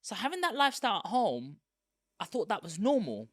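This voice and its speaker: A man, a guest telling candid stories from his school days in a lively, chatty way. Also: high-pitched, fairly quick, no echo, clean studio sound. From East London, England. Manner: lively, chatty, self-aware. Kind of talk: candid personal storytelling.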